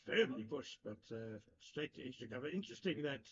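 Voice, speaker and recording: A man giving live cricket commentary, measured and analytical, chatting with his co-commentator. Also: mid-range voice, animated, slight background noise. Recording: lo-fi broadcast sound.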